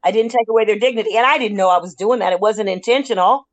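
Casting note: woman in her sixties, longtime teacher, reflective and self-deprecating, mid-pitched voice, laughs easily. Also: fast. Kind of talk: casual conversation.

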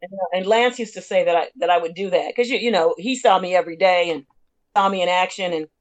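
A woman's voice: lowish voice, fast talker. A woman in her sixties, a teacher, talking reflectively in a casual conversation, self-deprecating and often laughing.

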